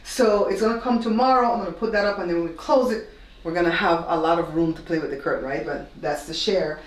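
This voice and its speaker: A woman's voice: on the low side, fast talker. A woman from Belize hosting a casual home tour vlog, explaining things step by step to her viewers. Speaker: host. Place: newly renovated room, indoors. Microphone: camera held by her husband, some distance off. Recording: echoey bare room.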